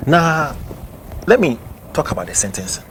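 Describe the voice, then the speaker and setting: A man's voice: fairly high pitch, big pitch swings, normal speed, fairly bright tone, slight background noise. Ghanaian man explaining point by point. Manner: explains point by point, laughs in between. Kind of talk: news commentary talk show.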